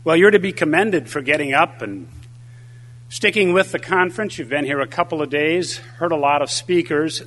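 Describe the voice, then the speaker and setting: In his conference speech, an older man livens things up with anecdotes and a joke, delivered as animated storytelling. His voice sits in the mid-range, with slight background noise behind it.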